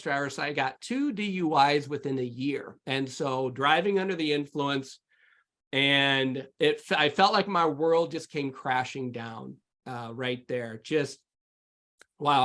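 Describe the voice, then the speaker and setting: A man with sons appears as a podcast guest and shares his personal faith testimony candidly, rambling with many fillers and restarts. His voice is fairly high, bright and forceful in tone.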